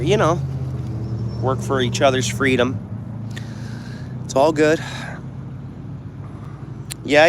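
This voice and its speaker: A man's voice: mid-range voice, noisy background. A man livestreaming from a pond while fishing, chatting casually and answering his live chat. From Canada. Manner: chatty, talks back to live chat comments. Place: outdoors by a pond near traffic.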